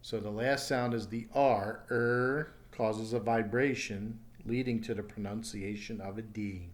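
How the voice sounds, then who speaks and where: A man teaching English pronunciation in a recorded online lesson, slowly repeating each word clearly and patiently. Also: on the low side, steady tone. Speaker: ESL teacher.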